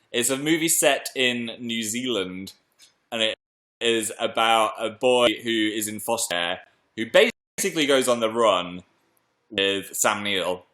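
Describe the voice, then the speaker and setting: Excitable British man, bright voice. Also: fairly low pitch. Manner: excitable, chatty, reads viewer messages aloud. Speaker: live streamer. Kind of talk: casual live stream chat.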